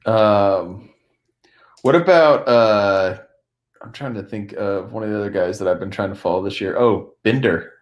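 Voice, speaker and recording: A man's voice: lowish voice, a little slow, muffled recording. An American man co-hosting a podcast, easygoing and agreeable, hesitating often as he talks. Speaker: podcast co-host. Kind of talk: casual chat.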